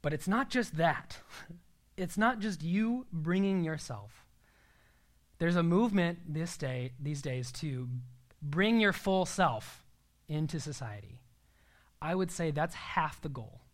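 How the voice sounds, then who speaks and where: A man's voice: fairly high pitch, animated, slow. A young man preaching a sermon in an earnest, emphatic way, sometimes dropping to a near-whisper.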